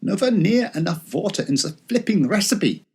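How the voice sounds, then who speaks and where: A man's voice: high voice, very animated, moderate pace, a little mellow, husky, heavily acted. An actor playing a grumpy old man who answers the door, blunt and grumbling.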